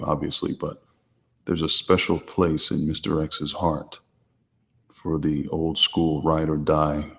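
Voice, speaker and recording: A man hosting his channel, answering viewer questions in a calm, deliberately quiet, restrained way. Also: very deep voice, gravelly, big-room sound. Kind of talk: low-key livestream chat.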